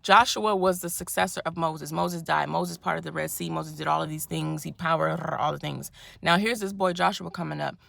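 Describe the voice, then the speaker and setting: A woman's voice: low-pitched, steady tone, normal speed, gravelly, fairly bright tone, no room sound. A woman giving an impassioned, emphatic faith pep talk, recorded on her phone in a parked car. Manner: fervent, emphatic, preacherly and colloquial. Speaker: faith vlogger.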